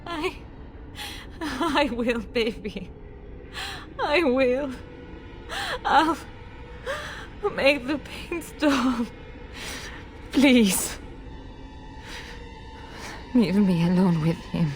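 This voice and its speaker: A woman's voice: a little high, lively intonation, very slow, pauses often, soft background music. A desperate noble mother. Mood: tender. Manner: pleading, emotional. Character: noble mother desperate to save her son. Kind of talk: video game voice acting.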